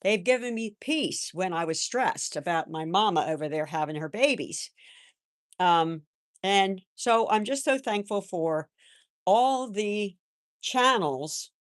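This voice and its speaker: An older woman hosting a live stream, chatting in a gentle, rambling way and answering viewers' comments. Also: mid-range voice, animated, measured pace, no echo, clean studio sound. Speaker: livestream host. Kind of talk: casual live-chat talk.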